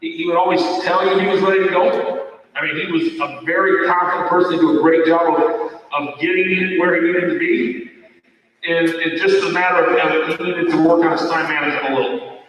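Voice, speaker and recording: A man's voice: on the high side, steady tone, brisk, fairly bright tone. A middle-aged man, a football coach, giving an end-of-season awards speech in a folksy, rambling way with many fillers and restarts. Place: large echoey hall at an awards night. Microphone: far from the microphone. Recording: echoey hall from far off.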